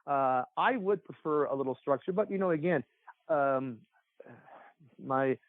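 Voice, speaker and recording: Man, casual podcast guest, rambling with ums and restarts, mid-pitched voice, tinny phone-like sound, dry. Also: measured pace, dry recording. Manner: rambling, many fillers and restarts. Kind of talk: casual chat.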